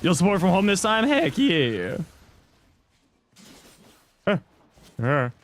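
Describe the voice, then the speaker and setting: A man's voice: sits high, big pitch swings, very slow. A man in his thirties casually chatting on a game stream, answering chat with loose jokes and mild swearing. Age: 30s.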